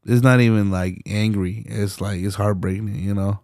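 A man's voice: fairly low pitch, fairly even intonation, normal speed, a little mellow, dry recording, studio quality. A young man hosting a solo podcast, rambling passionately with lots of fillers, restarts and swearing. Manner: swears often. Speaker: podcast host.

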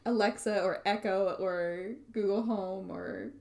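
A woman's voice: mid-range voice, steady tone, unhurried, a little mellow. A young woman co-hosting a podcast in casual chat, rambling and self-deprecating. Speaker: podcast co-host.

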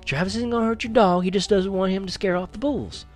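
Male reader doing a pioneer mother, voice lifted high, protective, urgent. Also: fairly even intonation, fast, soft background music, lightly acted. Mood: pleading.

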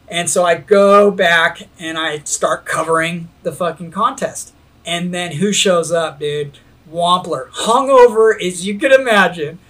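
A man with a notably high voice spins a rowdy story in loose, casual conversation. He talks in an animated rush, swears constantly and breaks into laughter along the way. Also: unhurried. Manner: animated, heavy swearing, laughs while telling. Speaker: skate videographer telling a story.

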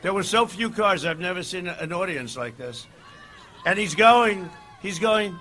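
A man giving a campaign rally speech outdoors, rambling and digressive, swinging between shouted lines and low asides. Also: lively intonation, unhurried. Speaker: political candidate at a rally.

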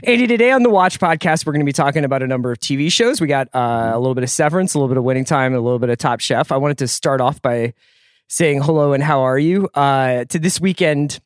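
A man's voice: mid-range voice, fast, smooth, dry recording. Joking man in his forties, dry mic. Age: 40s. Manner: joking, rambling, self-deprecating. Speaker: podcast co-host. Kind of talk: casual chat.

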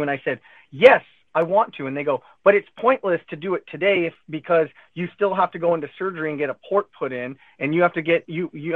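His voice sits a bit high as he chats casually about being diagnosed with cancer, animatedly mimicking quotes from friends and doctors. The audio has no echo but sounds thin and tinny, like a phone line.

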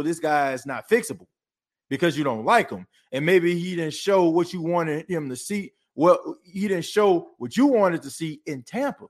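A podcast host in a fired-up sports talk rant, animated and preachy, calling his listeners folks. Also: fairly high pitch.

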